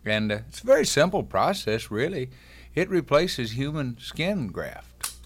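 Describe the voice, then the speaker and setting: A man's voice: medium pitch, very animated, measured pace, slight background noise. A man, a guest on a talk show, chatting in a folksy, joking way. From Texas. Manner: folksy, wisecracking storyteller.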